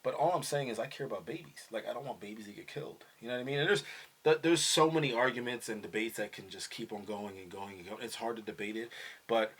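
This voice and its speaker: Animated middle-aged man, casual chat. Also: mid-range voice, quick pace, breathy edge. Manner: animated, acts out quoted voices, many "like" and "you know what I mean". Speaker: podcast host talking with his son.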